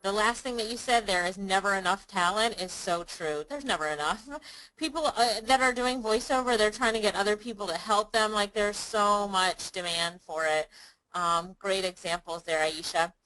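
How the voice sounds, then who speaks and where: A woman's voice: mid-range voice, moderate pace, sharp tone, low-quality recording. A woman hosting an interview, encouraging and enthusiastic toward her guest. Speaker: interview host. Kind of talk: casual interview.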